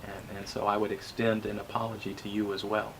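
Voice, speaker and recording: A man with a fairly low voice hosts a relaxed interview. He talks in a reflective, halting way and repeats words as he gathers his thoughts. Faint background noise sits under his voice. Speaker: interview host. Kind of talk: casual conversational interview.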